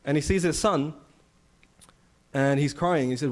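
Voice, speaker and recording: Male temple speaker, slightly high voice, chatty storytelling scripture class. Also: fairly quick. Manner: conversational, animated storytelling with rhetorical questions. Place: temple hall.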